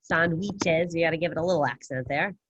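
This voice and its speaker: A woman teaches an online Spanish class through her computer mic on a video call, casual and upbeat as she quizzes her students. Her voice is deep and racing. The recording is muffled but has no echo.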